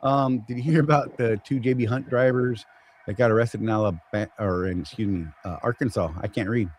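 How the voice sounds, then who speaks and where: A man's voice: mid-range voice, a little fast, a little mellow, rough recording. Joking Southern man hosting a live chat. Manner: joking, rambling, teasing. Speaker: show host. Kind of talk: casual live-stream chat.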